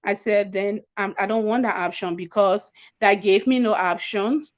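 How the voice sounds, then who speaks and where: A woman's voice: mid-range voice, normal speed, dull audio. A young woman giving an emotional personal testimony as an interview guest, stammering and repeating words as she tells her story. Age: young adult.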